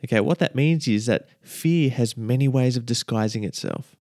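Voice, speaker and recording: A man's voice: mid-range voice, normal speed, a little mellow, no room sound, studio quality. Chatty man giving a devotional talk. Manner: chatty, repeats key lines, checks in with "okay?". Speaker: podcast host.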